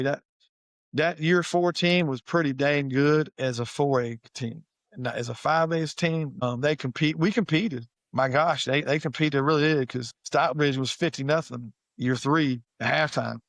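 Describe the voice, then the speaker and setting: A man's voice: medium pitch, no echo. Folksy man, dry close sound. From Savannah, Georgia, US. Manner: folksy, animated storytelling. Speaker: high school head football coach, guest. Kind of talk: casual storytelling interview.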